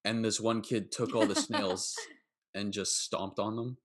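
A man hosting a podcast, chatting casually and telling anecdotes in a relaxed way, with fillers and quick asides. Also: fairly low pitch. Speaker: podcast host.

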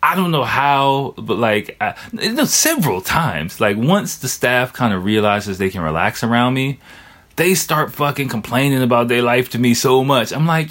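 A man's voice: mid-range voice, very animated, normal speed, a bit bright. A young man telling stories in a loose, casual monologue, swearing often and filling his talk with "like" and "you know.". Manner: loose, profane, heavy on filler words. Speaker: vlogger.

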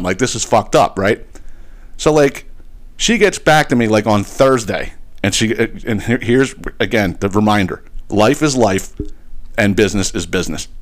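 A man hosting a podcast, telling a long casual rant about a business letting him down, animated and profane, restarting phrases often. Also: mid-range voice. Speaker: podcast host.

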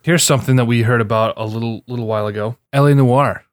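A man's voice: medium pitch, steady tone, fast talker, dry recording, clean studio sound. A tired man co-hosting a casual gaming podcast, grumbling and sarcastic, with the odd swear. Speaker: podcast co-host.

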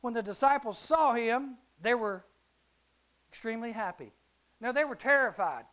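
Middle-aged male youth speaker with a high voice, animated Bible storytelling. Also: normal speed. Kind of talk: youth sermon.

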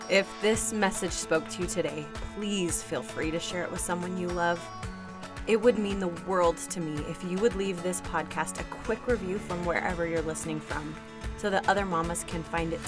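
Woman host, lower voice, bubbly and emphatic sign-off, music clearly underneath. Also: moderate pace. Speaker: podcast host. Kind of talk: podcast outro.

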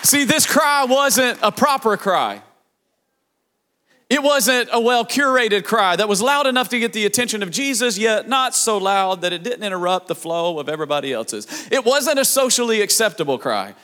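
High, bright-voiced preaching pastor. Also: male voice, lively intonation, moderate pace, some chatter behind. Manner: passionate preaching, building to shouts; repetitive rhythmic cadence. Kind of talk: sermon.

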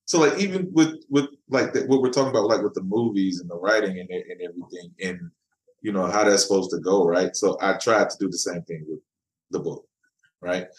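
Male comic writer, podcast guest, casual and halting, somewhat low voice, roomy echo. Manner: repeats words while finding his thought. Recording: echoey room.

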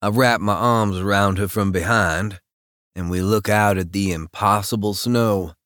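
A man reading a first-person romance audiobook in a very deep, unhurried voice. His tone stays low-key and wry, and the recording is close and dry. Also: fairly even intonation, fairly bright tone, no echo. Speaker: audiobook narrator.

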